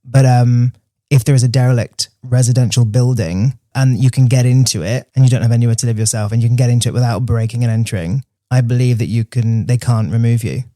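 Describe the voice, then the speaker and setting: A man's voice: mid-range voice, fairly even intonation, fast, warm tone, no echo, studio quality. A young man co-hosting a podcast in casual chat, teasing his co-host and steering the talk back on topic.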